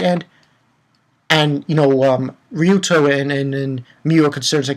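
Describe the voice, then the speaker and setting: A young man giving a casual, excited manga chapter review, rambling and swearing freely. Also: fairly high pitch, moderate pace.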